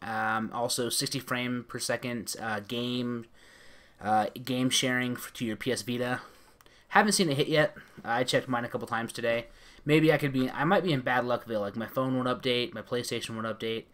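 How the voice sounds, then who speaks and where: A man's voice: mid-range voice, moderate pace, fairly bright tone. A man hosting a podcast, rambling through gaming news with lots of fillers and restarts over an internet call. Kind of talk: casual chat.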